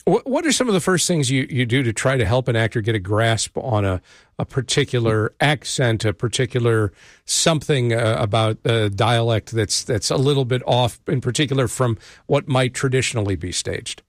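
A man hosts a radio talk show from a dry, close studio mic. He reads his introduction in a measured way, then asks his guest questions in a looser, conversational tone. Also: mid-range voice, expressive, no echo. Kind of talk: radio interview.

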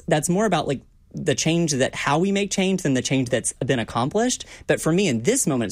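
A quick, lively guest voice with a bouncing pitch, speaking as a community organizer in an upbeat, affirming tone. The sound is dry and close, with no room around it. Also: dry recording. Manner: upbeat, animated, affirming with frequent "right?". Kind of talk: talk-show discussion.

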